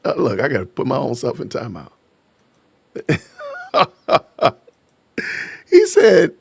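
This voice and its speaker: A man hosting a casual livestream podcast, playful and quick to laugh while shouting out viewers. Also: medium pitch, wildly swooping pitch, creaky, breathy edge, dry recording. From Aurora, Illinois. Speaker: podcast host. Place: home in Georgia.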